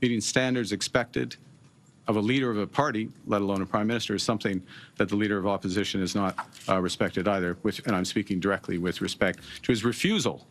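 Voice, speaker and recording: Middle-aged canadian guy fielding press questions, lowish voice, lots of uhs, careful. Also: steady tone. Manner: measured, halting, many "uh" fillers. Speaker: prime minister at a press conference. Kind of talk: press conference answers.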